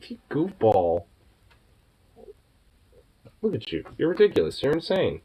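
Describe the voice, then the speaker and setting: A young man chatting affectionately with his dog in teasing baby talk, often yelping up high and laughing. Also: wildly swooping pitch, slow, long pauses, husky, muffled recording. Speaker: vlogger. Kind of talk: casual talk to a pet dog.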